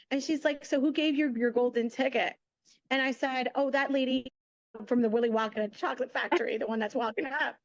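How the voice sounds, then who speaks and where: A woman's voice: on the high side, moderate pace, dry recording, lo-fi sound. A middle-aged woman guest telling a story casually and with energy, acting out the lines of the people in it. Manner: chatty, animated, acts out quoted dialogue. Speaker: guest, media entrepreneur.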